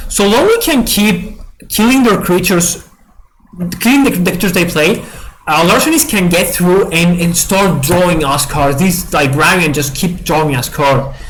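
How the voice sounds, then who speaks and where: A man's voice: high voice, a bit bright, rough recording. A young man giving casual commentary on a digital card game, stammering through restarts and laughing apologetically at his opponent.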